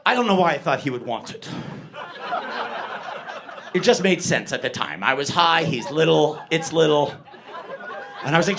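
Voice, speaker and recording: A man's voice: on the high side, sing-song, a little slow, long pauses, a crowd in the background. A middle-aged man doing a stand-up set, rambling and profane, laughing at his own jokes. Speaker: stand-up comedian.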